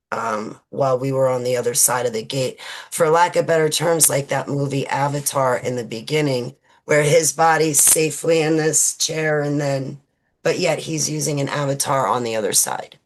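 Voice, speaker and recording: Her voice extremely low in pitch, a woman in her forties shares personal memories as an interview guest. She stumbles along, restarting often and filling pauses.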